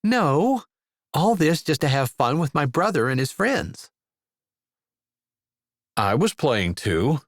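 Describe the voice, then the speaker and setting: A man's voice: on the high side, sing-song, slow, pauses often, dry recording, voice pushed up. A man voicing a dry, teasing young woman in an audiobook. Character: wry young woman Nell.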